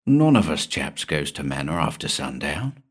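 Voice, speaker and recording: A man voicing a timid, stubborn country villager who mutters in a low voice. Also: moderate pace, slightly rough, full character voice. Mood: sullen. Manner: low, flat, stubborn repetition.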